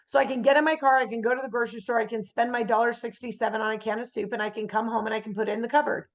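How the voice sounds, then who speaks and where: High-voiced woman giving a spiritual talk. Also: very fast. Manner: checks in with listeners by asking "yes?" and "right?"; acts out everyday scenes in lively voices. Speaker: spiritual speaker.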